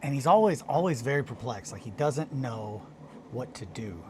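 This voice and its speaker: A man's voice: medium pitch, expressive, moderate pace, warm tone, a little hiss or hum. A tired man hosting a casual hobby livestream from his home workshop, telling a story in a rambling way with restarts and fillers. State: tired, just woken up.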